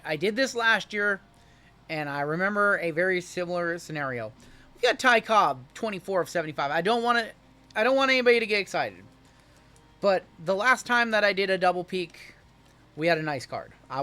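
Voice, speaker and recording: A man's voice: sits high, pushed and bright. A man hosting a live card-break stream, calling out each pull in an upbeat, chatty, teasing way.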